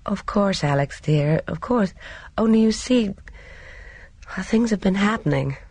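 Soft-spoken elderly lady, calm and firm, husky, voiced by the narrator in a storybook reading. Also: mid-range voice, a little slow, no echo, pitched above the performer's own voice. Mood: gentle.

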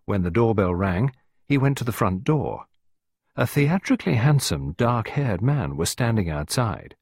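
A man giving an expressive scripted storybook narration as an audiobook narrator. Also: fairly low pitch, a little slow, gravelly, slightly rough, no echo, clean studio sound.

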